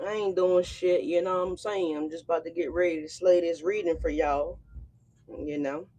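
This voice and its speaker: Speaking at a moderate pace with a fairly low pitch and a steady, dark tone, a woman hosts a tarot reading for her channel. The talk is casual and slangy, peppered with "okay?" and "y'all" as she checks in on viewers.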